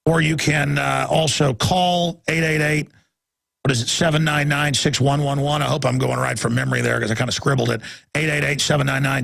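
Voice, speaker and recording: A gravelly man with a rough, husky voice hosts a talk radio show. He talks forcefully and rambles, restarting his sentences often. The sound is close and dry. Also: medium pitch, no echo.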